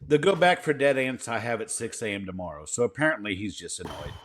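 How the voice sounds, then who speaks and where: A man's voice: fairly low pitch, animated, quick pace, a bit bright, a little hiss or hum. A man co-hosting a casual podcast, telling and reading pest control stories in a plain, profane way. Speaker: podcast co-host.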